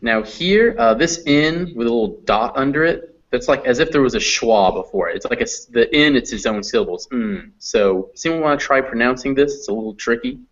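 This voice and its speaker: A man's voice: mid-range voice, lively intonation, a little fast, few pauses. A man teaching English pronunciation in a live online lesson, patiently modelling sounds and encouraging students. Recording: dull lo-fi stream audio.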